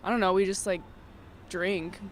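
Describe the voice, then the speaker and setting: A young person answering a street interviewer outdoors, casual and halting. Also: mid-range voice, steady tone, very noisy. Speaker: passerby interviewee.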